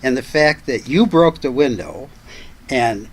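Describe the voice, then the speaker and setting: A man's voice: medium pitch, sing-song, a little slow, slightly rough, poor audio. An older man, a guest on a talk show, telling family stories in a chatty, anecdotal way and laughing as he goes. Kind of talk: casual storytelling chat.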